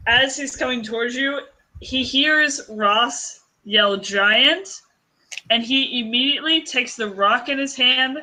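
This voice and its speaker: A woman narrating as dungeon master, describing the scene in a relaxed way with lots of fillers. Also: fairly high pitch, poor audio. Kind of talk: narrating a tabletop game.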